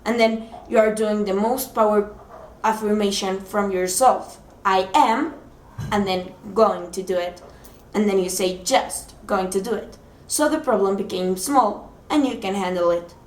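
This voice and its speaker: An earnest woman gives a motivational talk, explaining with simple examples and gesturing to show size. Her mid-range, slightly mellow voice has fairly even intonation at a moderate pace, and the distant mic picks up a roomy sound from the space.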